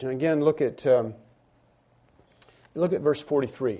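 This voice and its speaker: Mellow-voiced man preaching a sermon. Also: medium pitch. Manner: conversational preaching with repetitions and restarts; rises to emphatic stressed phrases. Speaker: pastor.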